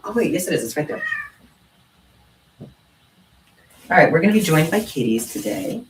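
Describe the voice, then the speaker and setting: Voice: mid-range voice, very animated, a little slow, slight background noise. A young adult craft vlogger chatting casually at home and cooing in baby talk to pet cats. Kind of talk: casual chat while crafting. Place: home room. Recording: roomy sound from a distant mic.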